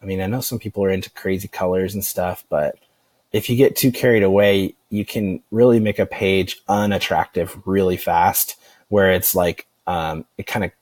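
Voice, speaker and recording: A man talks through a screen-recorded software tutorial in an easygoing, meandering way, often pausing with "um" and restarting his sentences. His voice sits on the low side, and the recording is close and dry. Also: no room sound. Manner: relaxed, rambling, many fillers and restarts. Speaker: online marketing instructor.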